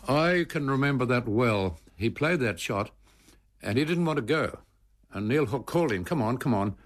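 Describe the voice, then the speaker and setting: An older man, a former cricketer, tells stories in an interview, animated and tripping over repeated words. His low voice is gravelly and husky. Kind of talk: anecdotal storytelling in an interview.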